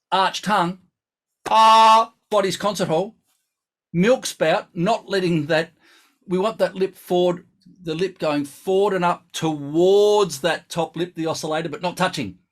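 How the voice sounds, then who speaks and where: Sex: man. Pitch: a little higher than most men. Role: brass teacher, live online lesson. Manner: chatty and instructive. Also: a little slow. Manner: chatty, instructive, thinks aloud.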